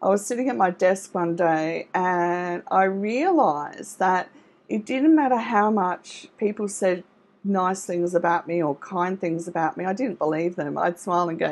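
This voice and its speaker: A woman's voice: fairly low pitch, unhurried. A middle-aged woman coaching an online audience, reassuring and encouraging, often checking in with "okay?" as she goes. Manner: warm, encouraging, reassuring, with frequent "okay?" and "all right?". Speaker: trauma recovery coach. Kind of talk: live online coaching talk.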